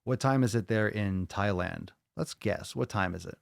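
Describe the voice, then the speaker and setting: A man's voice: on the low side, normal speed, vocal fry, no echo, clean studio sound. An American man hosting a live-streamed fitness podcast, chatting casually with viewers, cursing freely and repeating his phrases. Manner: profane, hyped, repeats phrases. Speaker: podcast host.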